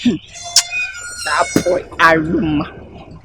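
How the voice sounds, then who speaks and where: A woman's voice: a little high, lively intonation, unhurried, a bit bright, a little hiss or hum. A woman with a Ghanaian English accent acting a comedy skit as a canteen cook, scolding and demanding in broken English.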